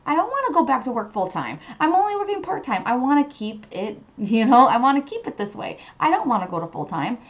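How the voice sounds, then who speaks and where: A woman voicing an exasperated man who frets over a car loan, whining in high-pitched disbelief. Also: lively intonation, normal speed, hardly any pauses, highs cut off, lightly acted.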